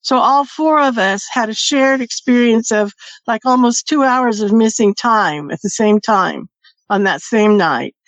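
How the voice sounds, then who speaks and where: A woman's voice: a little high, measured pace, dry recording. A woman guest telling a personal story in a casual, chatty way, laughing between phrases. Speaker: podcast guest. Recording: dry, dull lo-fi sound.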